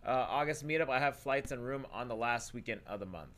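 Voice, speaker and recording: A man's voice: mid-range voice, expressive, fast talker, fairly bright tone. A man co-hosting a livestream, reading viewer messages aloud in an easygoing way. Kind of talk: casual livestream chat.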